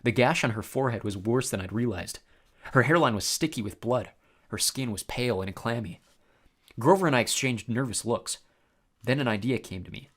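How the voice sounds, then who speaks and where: A man's voice: medium pitch, moderate pace, fairly bright tone. A man reading a story aloud, narrating expressively in the first person.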